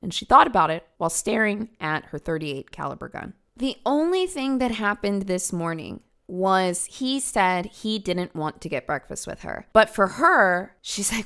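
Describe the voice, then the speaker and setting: A woman with a smooth, clear voice at a middle pitch, hosting a true crime podcast. She tells the case in a conversational way, dropping casual asides straight to the listener. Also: big pitch swings, moderate pace, hardly any pauses, fairly bright tone.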